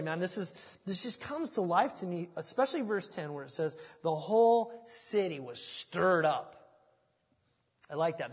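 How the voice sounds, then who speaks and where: A man preaching a sermon with animated energy, swinging between loud excitement and hushed asides. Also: on the high side, slightly rough. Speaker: pastor. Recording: long reverb of a large hall.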